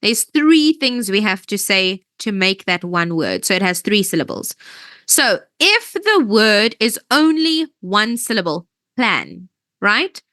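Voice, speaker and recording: A woman's voice: medium pitch, very animated, slow pace, bright, forceful tone, dry recording. A woman teaching English grammar in an online lesson, explaining patiently step by step and often checking that students follow.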